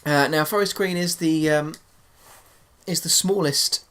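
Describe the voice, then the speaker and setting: A man's voice: a little high, unhurried, a bit bright. A young man giving casual, hesitant commentary on his football game, full of fillers and restarts. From England. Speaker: gaming YouTuber.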